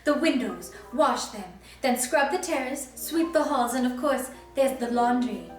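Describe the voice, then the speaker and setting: A woman's voice: high-pitched, animated, unhurried, distant mic. A woman putting on a bossy stepmother. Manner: commanding, clipped orders. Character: stern bossy stepmother, middle-aged woman. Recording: echoey room, voice from afar, faint music.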